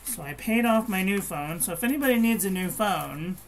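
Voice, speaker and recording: A woman's voice: mid-range voice, animated, a little fast, a little hiss or hum. A woman chatting casually while she crafts at home, rambling and meandering, with frequent restarts. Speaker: crafting vlogger.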